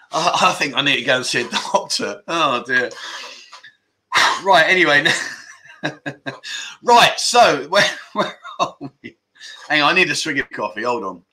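A man hosting a casual livestream, joking and grumbling in mock outrage as he reads out comments. His voice is very bright and forceful, and sits a little high for a man. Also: lively intonation, a little slow, pauses often. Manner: jokey, laughs often, mock-grumbling banter. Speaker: livestream chat show host. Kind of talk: casual livestream chat, reading viewer comments.

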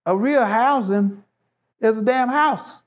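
Very high-pitched and slow, this man's voice belongs to a show guest caught up in impassioned casual talk. He argues emphatically and leans on repeated phrases to press his points.

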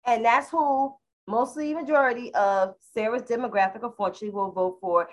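Brief: teasing woman panelist with a somewhat high voice. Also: a little fast. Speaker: podcast panelist. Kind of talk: casual panel chat.

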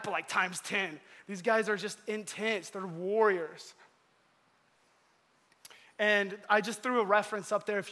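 A man preaches in a relaxed, slangy storytelling manner. His voice is high and bright, and it rings out with a long hall reverb. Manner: animated, slangy. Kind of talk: casual storytelling sermon.

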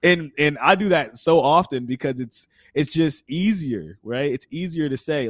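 A man's voice: fairly high pitch, expressive, a little slow, few pauses, fairly bright tone, no echo, clean studio sound. A man in his twenties, a podcast guest, talking earnestly in an interview and explaining with everyday examples. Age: 20s. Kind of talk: conversational interview.

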